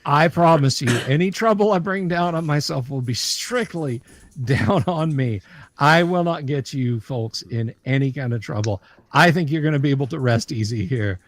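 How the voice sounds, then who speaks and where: A man voicing a friendly lone male trader who wanders alone, folksy and quick to repeat himself. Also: a little high, dry recording, lightly acted. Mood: reassuring.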